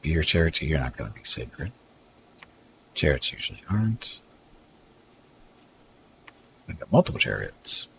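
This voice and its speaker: A man's voice: very deep voice, big pitch swings, a little slow, creaky, pauses often, slight background noise. A man streaming a strategy game, casually reading out unit stats and greeting viewers. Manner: reads unit stats aloud, chats with viewers. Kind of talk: casual live-stream commentary.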